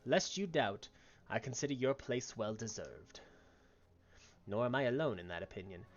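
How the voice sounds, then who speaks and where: A man voices a stern female admiral in a video game, using grave, formal, archaic phrasing in a solemn mood. His medium-pitched voice is animated and at a normal speed, though the audio sounds dull.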